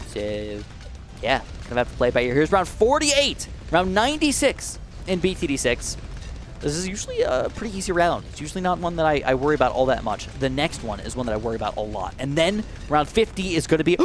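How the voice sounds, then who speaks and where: Excitable man narrating gameplay. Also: a little high, a little fast, slight background noise. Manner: excitable, swings between muttering and shrieking alarm; addresses viewers directly. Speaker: gaming channel host. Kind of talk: live gameplay commentary.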